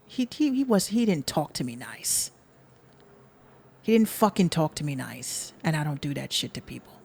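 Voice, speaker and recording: A woman's voice: fairly low pitch, a little mellow, no room sound. A woman from the Bronx with a New York accent, hosting a podcast in a blunt, profane, sarcastic rant aimed at her listeners. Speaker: podcast host.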